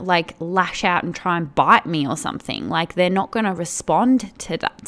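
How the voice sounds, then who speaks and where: A woman hosts a podcast in a loose, chatty monologue that wanders and restarts, padding her points with "like." Her voice is smooth and clean, sitting at an ordinary middle pitch. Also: fairly bright tone. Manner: rambling, filler-heavy, with many "like"s and restarts. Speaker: podcast host.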